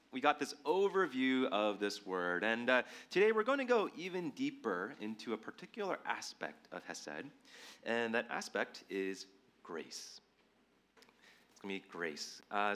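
A man preaching a sermon to a congregation in a relaxed, joking way, reading scripture and praying in a quieter tone. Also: medium pitch, measured pace. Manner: casual, joking, with fillers, drops to a quiet tone in prayer.

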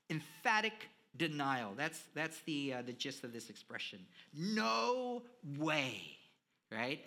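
A man preaching a sermon, chatting with his congregation and swinging between hushed lines and emphatic ones. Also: a little high. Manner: conversational, with fillers, addresses the audience.

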